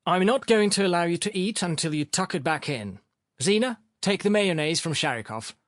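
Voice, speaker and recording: A man voicing an energetic young doctor, firm, insistent and lecturing. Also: sits high, moderate pace, no room sound, studio quality, pitched above the performer's own voice.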